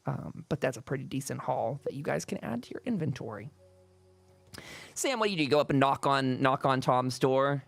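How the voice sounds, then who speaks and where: A man with a gravelly, mid-pitched voice narrating a post-apocalyptic tabletop game as game master. He rambles and restarts his sentences often. The sound is dry and close, with no room around it. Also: expressive, fairly quick, no echo, faint music behind.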